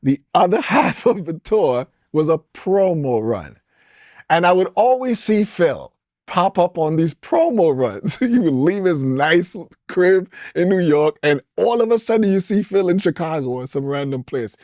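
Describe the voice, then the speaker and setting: A man's voice: high voice, sing-song, measured pace, a little mellow, dry recording, studio quality. A man in his forties, originally from the Caribbean, talking as an interview guest in a loose, rambling way that jumps between topics and is broken up by chuckles. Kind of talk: casual storytelling interview.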